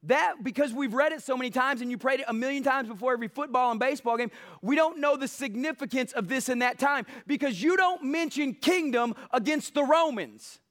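High-voiced preacher man. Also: brisk, hardly any pauses. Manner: emphatic, building passion, mocks soft quotes. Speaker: pastor. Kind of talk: sermon.

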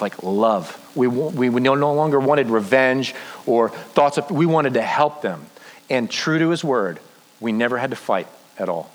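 A man preaching a sermon as a pastor, telling his story earnestly and slowing down for emphasis. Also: medium pitch, low-quality recording.

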